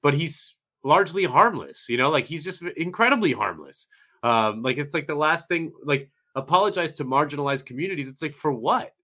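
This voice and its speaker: A man's voice: a little high, sing-song, a little fast, pushed and bright. A man co-hosting a podcast, rambling with many fillers in laid-back casual talk. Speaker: podcast co-host. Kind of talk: casual chat.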